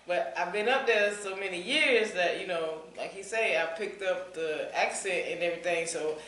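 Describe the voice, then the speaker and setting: A woman with a Southern US accent, co-hosting a casual podcast chat, chatty and quick to laugh. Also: on the low side, fairly bright tone. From American South. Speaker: podcast co-host. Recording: echoey room, faint noise.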